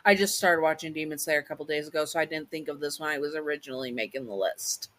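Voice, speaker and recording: A woman's voice: deep voice, fast talker, a bit bright, no room sound, low-quality recording. A woman hosting her own channel, narrating a story and then rambling chattily through her outro with many asides.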